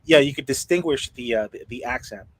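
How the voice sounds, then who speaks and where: A man's voice: mid-range voice, no echo. An American man hosting a podcast in casual chat, often repeating words as he searches for what to say. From United States. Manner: halting, repeats words while searching for them. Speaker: podcast host.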